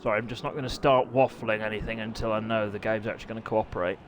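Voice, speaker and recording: A young man hosting a racing game live stream, excitable and jokey, with squealing high bursts of excitement. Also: fast talker, a little hiss or hum. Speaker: race commentator and stream host.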